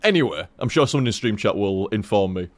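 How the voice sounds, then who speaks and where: A man's voice: fairly low pitch, fast, no echo. A man streaming a game, rambling casually to his chat, with lots of swearing. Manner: rambling, heavy swearing, animated.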